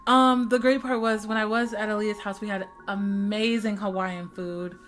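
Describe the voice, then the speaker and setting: A woman's voice: medium pitch, moderate pace, soft background music. A young woman vlogger telling a story in casual chat, acting out dialogue with lots of "like" and "bro". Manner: animated retelling, full of "like" and "bro", acts out dialogue.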